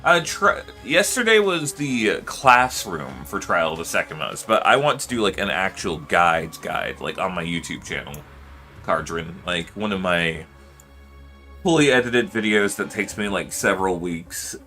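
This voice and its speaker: Chatting casually on a livestream, a man rambles along with lots of fillers and loose swearing. His deep voice swings widely in pitch and sounds pushed and bright, and he talks a little slowly. Faint music plays behind him.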